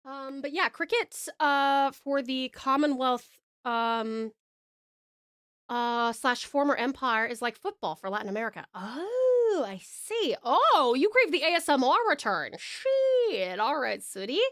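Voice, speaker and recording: Australian woman, streamer, high voice, casual playful chat, self-deprecating, dry close desk mic. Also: big pitch swings, measured pace, fairly bright tone, no room sound. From Tasmania, Australia. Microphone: desk microphone close up.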